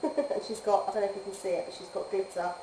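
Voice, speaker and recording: A woman who teaches adults, chatting casually on a game live stream, talking in a chatty way, laughing often and drifting from soft to lively. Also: mid-range voice, fast. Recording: roomy echo, faint background noise.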